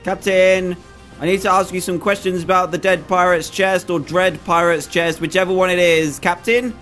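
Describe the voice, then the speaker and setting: A young man giving casual, excitable commentary while playing a video game, often playfully scared. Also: high-pitched, normal speed, soft background music. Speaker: gaming YouTuber.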